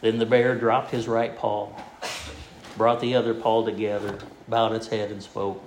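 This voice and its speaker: A man preaching a sermon in a folksy, halting way, with many fillers and restarts as he tells a joke. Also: lowish voice, little pitch movement, roomy sound, a little hiss or hum, rough recording.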